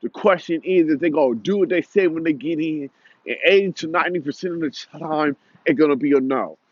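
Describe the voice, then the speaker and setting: A man's voice: a little high, brisk, no echo. Heated young man ranting, lo-fi. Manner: heated, repetitive, confrontational. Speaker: commentator. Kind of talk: angry commentary rant.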